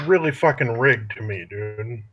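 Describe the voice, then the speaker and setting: A man's voice: medium pitch, moderate pace, dull audio. Casual male podcast host, rambling and foul-mouthed. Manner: profane, rambling, drops "dude" often. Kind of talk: casual political chat.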